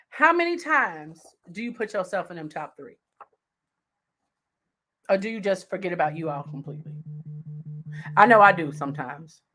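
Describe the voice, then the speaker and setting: Chatty, excitable woman host. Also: fairly high pitch. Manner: chatty, excitable, speaks straight to viewers. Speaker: livestream host. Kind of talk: casual livestream chat.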